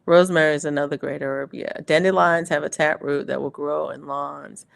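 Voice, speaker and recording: A woman's voice: sits low, steady tone, normal speed, creaky. A middle-aged woman hosting a casual livestream, chatting and laughing often as she reads viewer comments aloud. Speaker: livestream host. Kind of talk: casual live-stream chat.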